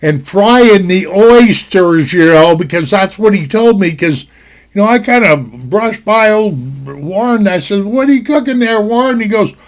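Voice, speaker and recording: A man with a fairly high voice spins a yarn to camera from his home. His talk rambles in a folksy way, loaded with fillers and false starts. He is recorded on a desktop computer mic. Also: expressive, a little slow. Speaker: vlogger telling a personal story. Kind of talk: casual storytelling to camera.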